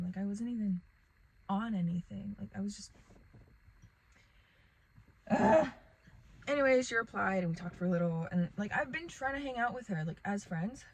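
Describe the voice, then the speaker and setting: A woman's voice: mid-range voice, slightly rough, rough recording. A young woman telling a rambling casual storytime vlog to the camera, packed with "like" and fillers. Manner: rambling, filler-heavy, lots of "like".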